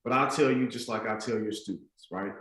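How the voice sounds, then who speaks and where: A man giving a motivational keynote to school staff, telling a story in an animated, conversational way, heard with an echoey stadium sound. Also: lowish voice, brisk. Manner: animated, conversational storytelling with lots of "like" and "you know what I'm saying". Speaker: motivational speaker.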